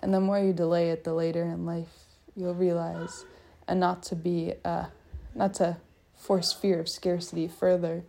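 A young woman with a low, gravelly voice rambles through a personal monologue. Her tone is mellow and a bit dark. She muses in loose circles and mocks herself as she goes. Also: little pitch movement, moderate pace, hardly any pauses, slight background noise. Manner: musing, self-mocking, talks in loose circles. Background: people faintly heard in the hallway.

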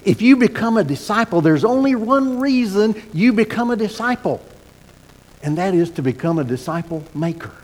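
A middle-aged pastor preaching in a folksy, animated way, full of asides and false starts. His voice sits fairly high for a man. The sermon rings with a long reverb from a church sanctuary. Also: moderate pace.

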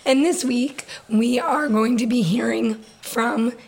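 A woman's voice: fairly high pitch, slow, vocal fry. Chatty woman co-host telling stories. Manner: chatty storyteller, laughs often. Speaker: podcast co-host. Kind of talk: casual chat.

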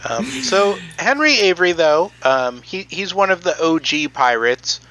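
Bright-voiced man hosting a casual podcast. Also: high voice, lively intonation, measured pace, slight background noise, poor audio. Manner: hesitant, many ums while explaining. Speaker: podcast co-host presenting the topic.

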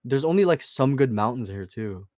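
A young man co-hosting a podcast in slangy casual chat, laughing often and talking in quick bursts. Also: mid-range voice, expressive, a little mellow, no echo, clean studio sound. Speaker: podcast co-host.

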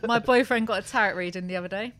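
A woman's voice: mid-range voice, very fast, a loud crowd. A woman hosting a podcast in brash, joking chat, swearing freely as she banters. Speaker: podcast host.

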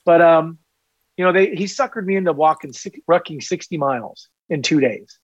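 A man in his fifties, a former police officer, tells rambling stories with energy and self-mocking humor. His voice sits somewhat high for a man. It is recorded close in a dry room and sounds slightly dull. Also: moderate pace, no echo. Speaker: guest, retired police officer. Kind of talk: casual storytelling in a podcast interview.

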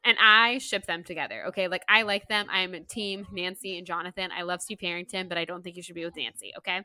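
A woman co-hosting a casual podcast about books and movies, animated, laughing often and slipping into playful impressions. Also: fairly low pitch, fast talker. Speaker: podcast co-host.

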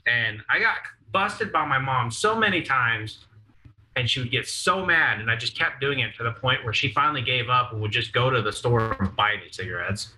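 Young male podcaster, bright edgy voice, swears and laughs through his stories. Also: mid-range voice, moderate pace, rough recording. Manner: crude, laughing, animated storyteller. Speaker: podcast co-host. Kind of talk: casual storytelling chat.

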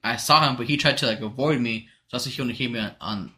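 A man casually telling a rambling story among friends, animated and profane, slipping into Spanish now and then. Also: medium pitch, fast talker. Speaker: podcast co-host telling a story.

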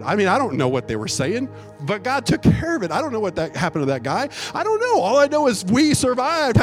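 High-voiced preacher telling a story over music. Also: male voice. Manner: animated storytelling, emphatic. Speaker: pastor. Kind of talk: sermon. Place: church. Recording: music playing behind.

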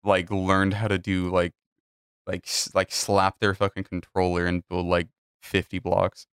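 Guy hosting a chill podcast, real low flat voice, rambly and sweary. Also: measured pace, clear, resonant tone, no room sound, clean studio sound. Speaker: podcast host. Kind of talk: casual chat.

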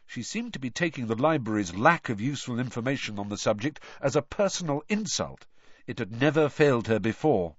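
Man, audiobook narration, expressive, lively pitch, dry, dull. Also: brisk, husky, no echo. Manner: expressive storytelling. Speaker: audiobook reader. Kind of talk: scripted narration.

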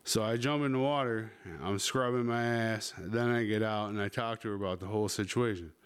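A man's voice: on the low side, fairly even intonation, a little fast, clear, resonant tone. A man hosting a podcast, telling a crude story in a rambling, casual way with lots of swearing. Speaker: podcast host.

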